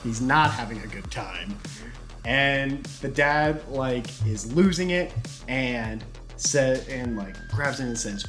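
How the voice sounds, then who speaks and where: A young man casually telling a long, rambling joke as a YouTube host, slipping into quick character voices. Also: medium pitch, lively intonation, soft background music. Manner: rambling, giggly, acts out characters in quick snippets. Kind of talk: casual storytelling.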